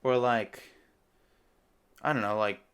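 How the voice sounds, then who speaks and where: A man's voice: lowish voice, steady tone, slow pace, a bit bright, smooth. A young man hosting a podcast in casual chat, rambling with lots of filler words and frequent laughter. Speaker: podcast host.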